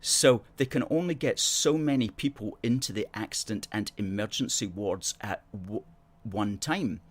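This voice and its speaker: A man with a Scottish accent hosting a political talk show, speaking in a casual, emphatic way and sounding indignant. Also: moderate pace. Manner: indignant, emphatic, stresses words with rising pitch.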